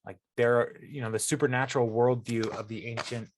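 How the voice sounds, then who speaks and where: A man's voice: mid-range voice, steady tone, a little fast, slight background noise. A man giving a casual Bible study talk, first reading a passage aloud and then explaining it in a chatty way with many fillers and restarts. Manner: conversational, many fillers and restarts, laughs at the story. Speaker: Bible teacher.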